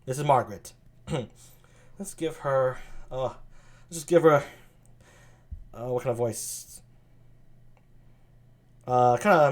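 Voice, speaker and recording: A man's voice: medium pitch, measured pace, pauses often, darkish tone. A man reading a play aloud on a live stream, chatty, self-deprecating and full of hesitations.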